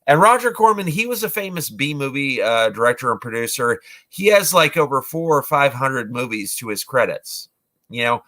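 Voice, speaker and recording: A man's voice: mid-range voice, animated, normal speed, bright, forceful tone. A man in his forties who casually retells movies, rambling, with lots of fillers and restarts. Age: 40s. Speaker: vlogger, movie reviewer.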